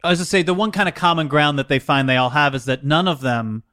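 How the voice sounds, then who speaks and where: Smooth-voiced male co-guest. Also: a little high, quick pace, bright, forceful tone, no room sound, studio quality. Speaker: guest comedian.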